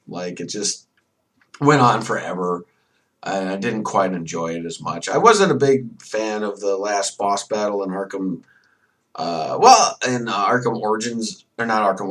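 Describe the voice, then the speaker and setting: A man's voice: fairly low pitch, fairly bright tone, far from the mic. A man hosting a solo podcast, ranting animatedly with mocking asides. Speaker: podcast host. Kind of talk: solo rant about a video game.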